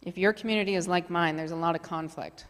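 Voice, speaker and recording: A woman's voice: on the low side, steady tone, fast. Chatty woman facilitator in echoing hall. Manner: chatty, filler-heavy, conversational. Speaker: workshop facilitator. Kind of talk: casual workshop presentation. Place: community meeting hall. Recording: long hall reverb.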